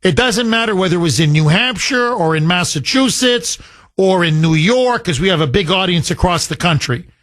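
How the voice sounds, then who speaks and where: A man's voice: high-pitched, lively intonation, normal speed, a bit bright, no room sound. A male talk radio host, emphatic and sarcastic, taking calls from listeners. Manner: emphatic and sarcastic, mocks opponents with sing-song voices. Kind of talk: opinionated talk radio monologue.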